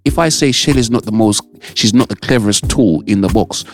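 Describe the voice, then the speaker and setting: A man's voice: lowish voice, brisk, soft background music. A British man hosting a radio show, chatting casually with listeners and often checking in with "all right?". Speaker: radio host.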